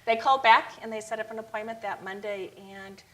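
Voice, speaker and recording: A middle-aged woman, founder of a youth charity, telling her story in a TV talk interview, lively, acting out quoted people in a higher voice. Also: brisk, poor audio.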